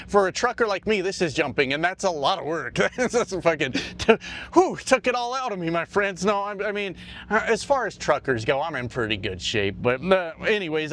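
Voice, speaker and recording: High-voiced, profane trucker ranting. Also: male voice, a bit bright. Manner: profane, heated, rambling. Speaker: trucker political commentator. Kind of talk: ranting political vlog.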